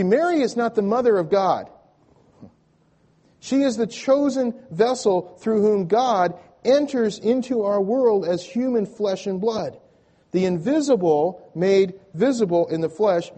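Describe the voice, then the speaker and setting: A man's voice: high voice, warm tone. A male pastor delivering a sermon, restarting phrases with repeated words and leading the congregation to speak lines back.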